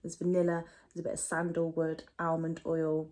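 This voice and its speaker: A woman's voice: sits low, monotone, normal speed, mellow. A young British woman chatting casually through a product unboxing, rambling with lots of fillers and asides. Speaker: beauty vlogger.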